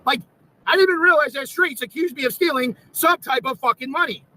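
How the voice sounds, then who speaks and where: A man's voice: very high-pitched, fairly quick, pushed and bright, rough recording. A man ranting angrily on a livestream, swearing constantly and repeating himself in indignation. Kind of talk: angry livestream rant.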